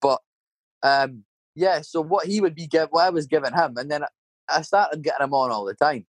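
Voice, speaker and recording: A man's voice: a little high, normal speed, no echo. Swearing Scottish man telling stories. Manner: swearing, rambling anecdotes with tag questions. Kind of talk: casual storytelling chat.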